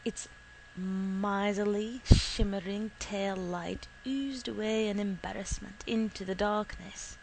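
Woman, literary story reading, very slow, measured, faint hum behind. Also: medium pitch, steady tone, a little mellow, poor audio. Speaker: reader.

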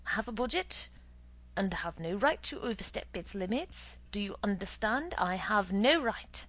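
A woman's voice: mid-range voice, expressive, moderate pace, fairly bright tone, poor audio. A woman reading the part of a stingy, stern middle-aged husband who lectures in a dry voice. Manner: dry, lecturing, penny-pinching.

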